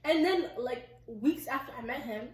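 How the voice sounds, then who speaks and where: A woman's voice: high voice, expressive, normal speed, darkish tone, a little hiss or hum. A young woman vlogger in casual chat, rambling and chatty with lots of "like". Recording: echoey room, mic at a distance.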